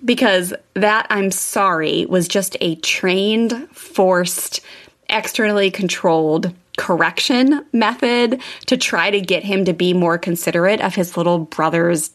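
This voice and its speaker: A woman hosting a parenting podcast, talking in a chatty, animated way with lots of fillers. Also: fairly low pitch. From California, USA. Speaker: parenting podcast host and coach. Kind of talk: casual podcast monologue.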